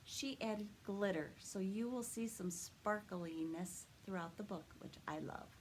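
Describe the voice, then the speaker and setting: A woman, a children's librarian, reading a picture book aloud at story time, animated and expressive and asking the children questions. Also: mid-range voice, a little slow, a little hiss or hum.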